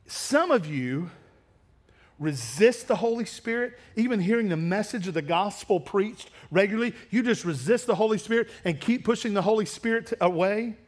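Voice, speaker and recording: Male pastor, high-pitched, preaching bluntly to a congregation. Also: lively intonation, normal speed. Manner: blunt, confrontational preaching that drops to quiet asides. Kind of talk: sermon. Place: church sanctuary.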